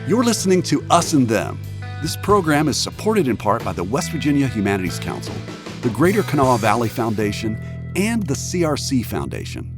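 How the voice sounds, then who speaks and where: A man hosting a radio documentary podcast, delivering measured scripted narration. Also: mid-range voice, huge pitch swings, over music. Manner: measured narration, reacting warmly in conversation. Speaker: podcast host.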